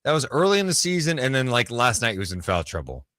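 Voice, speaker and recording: Lively, bright-voiced male sports radio host. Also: medium pitch, no room sound, studio quality. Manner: chatty, quick reactions, reads viewer comments aloud. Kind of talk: casual live sports talk.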